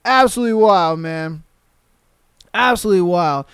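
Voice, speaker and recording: A man's voice: sits high, fairly bright tone, smooth, no room sound, clean studio sound. A man hosting a podcast, reading listener stories aloud and reacting with slangy, profane jokes and frequent laughter. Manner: laughs often, slangy and profane, mimics people in quick voices. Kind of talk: casual podcast commentary.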